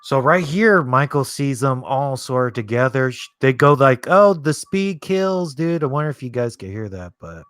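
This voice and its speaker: A man's voice: mid-range voice, moderate pace, hardly any pauses, a bit bright, dry recording, clean studio sound. A man hosting a live movie watch-along stream, chatting loosely and swearing freely while he answers his chat. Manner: rambling, profane, reads chat aloud.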